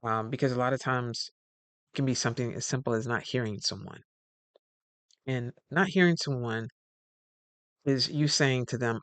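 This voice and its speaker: A communication coach speaks at a moderate pace with a mid-range voice, pausing often on a dry recording. Animated and rambling, he acts out the dialogue of people he describes and corrects himself partway through words.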